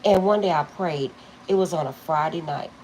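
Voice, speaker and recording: A woman's voice: deep voice, moderate pace, a little mellow, slight background noise, poor audio. A middle-aged woman reading tarot, telling rambling stories to her viewers and laughing often. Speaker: tarot reader. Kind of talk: casual storytelling to viewers.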